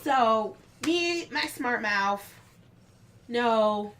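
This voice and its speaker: A woman's voice: a little high, expressive, fairly bright tone, slight background noise. A woman casually telling a story from work, acting out what others said with raised voices. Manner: unhurried, acts out the quotes of others with raised voices.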